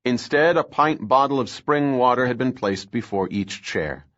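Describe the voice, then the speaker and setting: A man narrating a thriller audiobook in a steady, measured reading voice. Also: medium pitch, highs cut off.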